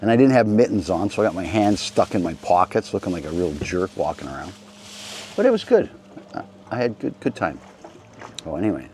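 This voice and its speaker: Low-voiced man rambling through stories. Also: very animated, a little fast, pauses often, darkish tone, a little hiss or hum. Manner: rambling, anecdotal, with frequent restarts and asides. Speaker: host. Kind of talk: casual rambling monologue.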